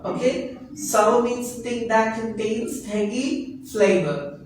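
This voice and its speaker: A man teaching English pronunciation in a classroom, repeating each word slowly and patiently for his students. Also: high-pitched, slight background noise. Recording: echoey classroom recorded from a distance.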